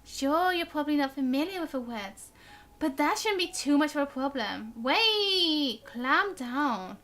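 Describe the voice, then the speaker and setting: Bubbly high-voiced woman streamer. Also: lively intonation, unhurried, fairly bright tone. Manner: chatty, bubbly, stumbles on words and laughs at herself. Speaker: gaming streamer. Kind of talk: live stream, reading game dialogue aloud. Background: game music.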